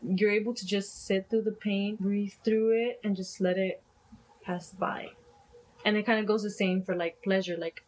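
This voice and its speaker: A woman's voice: medium pitch, level tone, normal speed, a little mellow, poor audio. A woman guest on a podcast, explaining her thoughts tentatively in casual chat with everyday examples.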